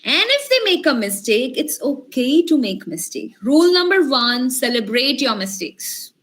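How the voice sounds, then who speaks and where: High-voiced upbeat woman trainer. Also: moderate pace. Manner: encouraging, lively, asks the group questions. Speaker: communication skills trainer. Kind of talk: online workshop lecture. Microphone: video call.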